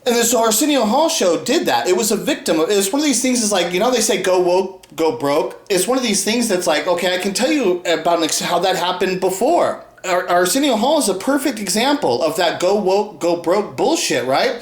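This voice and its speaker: A man rambling in a profane monologue for his own video. He often tacks "right?" onto his sentences and laughs between thoughts, swinging from loud outbursts to low mutters. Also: sing-song, brisk, hardly any pauses. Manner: rambling, profane, keeps adding "right?" and "and shit". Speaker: video maker. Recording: roomy echo.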